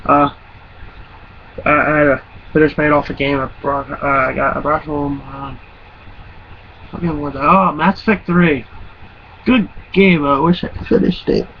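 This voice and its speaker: Young dude rambling and swearing, slightly high voice, dull recording with a faint hum behind. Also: male voice, fairly even intonation, unhurried, long pauses. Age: around 20. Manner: rambling, profane, laughs through his stories. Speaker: vlogger. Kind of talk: casual storytelling.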